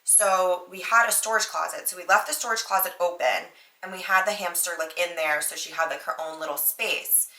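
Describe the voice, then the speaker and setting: A young woman hosts her own podcast, telling a story in a loose, chatty way and acting out what people said. Her voice sits fairly low yet sounds bright and forceful. The room around her is echoey. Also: fairly quick. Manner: chatty, animated, lots of "like", acts out quotes. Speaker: podcast host. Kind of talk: casual storytelling monologue.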